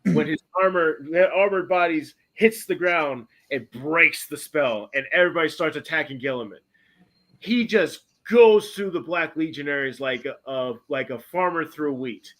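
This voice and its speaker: A man hosting a podcast, casually retelling a story in a rambling way, correcting himself often and breaking into bursts of excitement. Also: fairly high pitch, normal speed. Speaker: podcast host.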